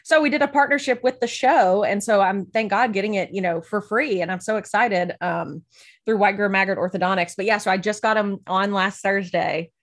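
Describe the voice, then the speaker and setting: A woman co-hosting a podcast in casual chat, talkative and self-deprecating, with a slight lisp from clear aligners in her teeth. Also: medium pitch. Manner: chatty, self-deprecating, quick to laugh. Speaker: podcast co-host.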